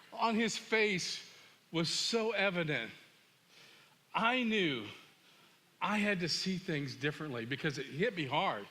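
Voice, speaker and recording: Middle-aged male pastor, animated sermon storyteller, bright and high-pitched. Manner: animated storyteller, acts out dialogue.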